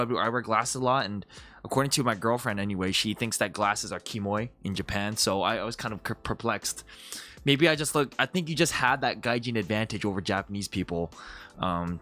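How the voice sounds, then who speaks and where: A young man chatting casually as he reviews his own comedy video, animated and full of restarts. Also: lowish voice. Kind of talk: casual commentary.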